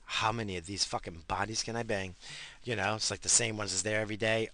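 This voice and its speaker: A man's voice: fairly low pitch, fast talker. A middle-aged man from New York with a New York accent, telling a story in a casual monologue and swearing constantly. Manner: heavy swearing, animated. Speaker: solo storyteller.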